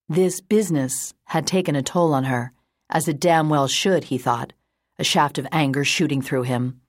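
A woman narrating a novel in a steady, composed storytelling manner. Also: low-pitched, dry recording, clean studio sound. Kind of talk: audiobook narration.

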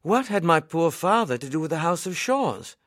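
A man reading the part of an earnest sixteen-year-old boy in an audiobook, asking excited, stammering questions. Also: a little high, normal speed, no echo, studio quality, pitched above the performer's own voice.

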